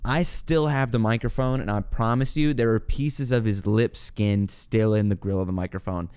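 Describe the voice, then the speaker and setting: A young man hosts his own podcast, telling a story casually and with lots of energy, swearing, laughing, and acting out what people said. His voice sits on the low side, smooth, at a normal speed.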